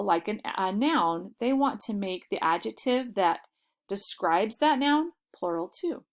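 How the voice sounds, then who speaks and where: A woman teaching a Spanish vocabulary lesson, explaining patiently and saying model phrases slowly and clearly. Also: mid-range voice.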